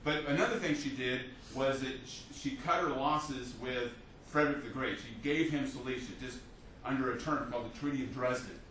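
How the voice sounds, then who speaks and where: A man teaching a history class as a lecturer, telling the story with lively restarts and fillers. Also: medium pitch, fairly quick, hardly any pauses. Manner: animated storytelling with many restarts. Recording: echoey classroom from a distance, faint hiss.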